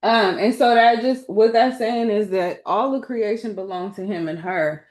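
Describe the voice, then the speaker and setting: In a medium-pitched, darkish voice at normal speed, a woman teaches spiritual lore through tarot cards. Her manner is casual and emphatic, full of colloquial, slangy phrasing, and she often checks in with her listeners.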